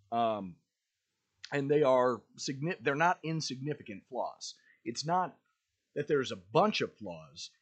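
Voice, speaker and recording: A man hosting a podcast in casual commentary, who clears his throat often and wanders into asides while reading a speech aloud. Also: medium pitch, animated, slow. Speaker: podcast host.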